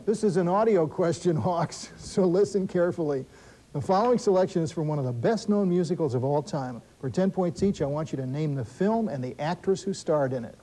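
A man hosting a school quiz show, reading questions briskly and adding wry asides and corrections for the teams. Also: fairly high pitch, mellow, rough recording. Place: television studio.

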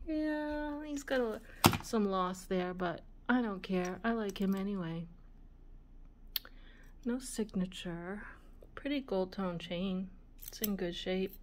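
Lady going through old jewelry real slow, soft chatty voice, little whispers here and there. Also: mid-range voice, a little hiss or hum. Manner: slow, soft-spoken, musing aloud, often drops to a whisper. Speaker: vintage jewelry channel host. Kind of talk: casual show-and-tell of jewelry.

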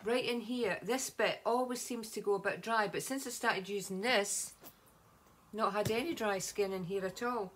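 A Scottish woman talks through her routine in a relaxed home vlog. She rambles cheerfully, full of ums and little asides. Her voice is picked up by a camera set nearby in her home. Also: mid-range voice, moderate pace, slight background noise. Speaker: vlogger. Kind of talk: casual beauty vlog.

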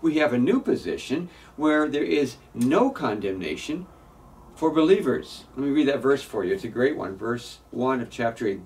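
A man's voice: mid-range voice, sing-song, moderate pace, a little mellow, distant mic. A man preaching a sermon as pastor in a church, earnest and emphatic, often repeating words as he builds a point.

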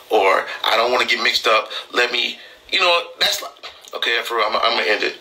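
A man's voice: medium pitch, lively intonation, fairly quick, bright, forceful tone, rough recording. Heated, emphatic man on a live stream. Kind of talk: impassioned live-stream talk.

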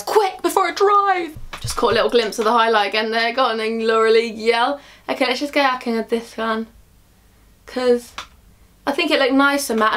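A woman's voice: a little high, a bit bright. A young woman chatting to camera as a beauty vlogger, gushing and affectionate as she talks through her makeup. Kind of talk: casual makeup chat to camera.

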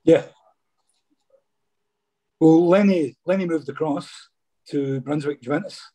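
Middle-aged man, ex-footballer guest, husky and dark, chatty yarn-teller. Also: on the high side, slow. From Scotland. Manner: chatty, peppers speech with "mate". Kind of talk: casual interview storytelling.

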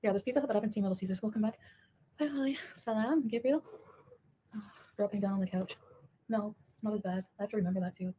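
A woman's voice: mid-range voice, fast, pauses often, dark tone, slight background noise. A woman from Ottawa chatting casually on a livestream, giggling and answering viewer comments. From Ottawa, Canada.

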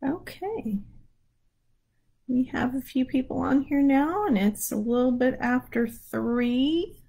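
A woman with a lilt leads a livestreamed prayer from her home. She talks slowly in a husky, breathy voice, greeting viewers in a chatty, easygoing way. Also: high-pitched, mellow, rough recording. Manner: chatty, yawning, apologetic, laughs easily. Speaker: prayer leader. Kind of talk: casual livestream chat before prayer. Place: home room with candles. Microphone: phone or webcam livestream.

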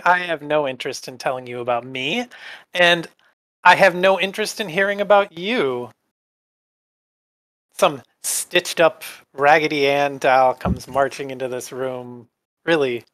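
A man's voice: on the high side, pushed and bright, no echo. A man voicing a sneering, bored spectre in a tabletop role-play, drawling and contemptuous. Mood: scornful.

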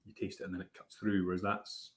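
A man's voice: low-pitched, level tone, quick pace, a bit bright. A man hosting a whisky tasting, chatting casually with many fillers and restarts. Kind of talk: casual live tasting chat. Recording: roomy echo.

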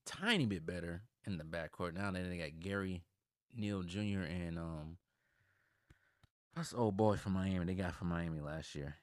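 A man's voice: lowish voice, no room sound, studio quality. A man in his thirties from Milwaukee hosting a sports channel, giving opinionated commentary that turns heated and emphatic when he rants. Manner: heated, gets loud and emphatic when ranting.

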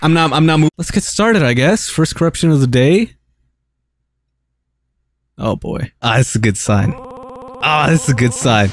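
A young man giving live commentary on a game, excitable and yelping often. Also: fairly high pitch, normal speed, music in the background. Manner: excitable, yelps and laughs often. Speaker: streamer.

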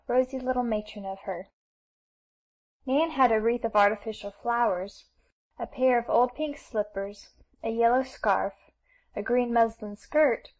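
A woman narrating a classic novel as an audiobook reader, in a steady storytelling manner. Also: on the high side, low-quality recording.

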